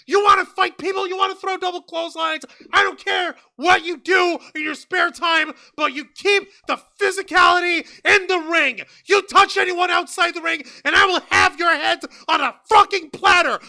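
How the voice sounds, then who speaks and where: A man voicing an angry male wrestling company boss, yelling profane threats at his wrestlers. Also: very high voice, creaky, pitched above the performer's own voice, exaggerated voice.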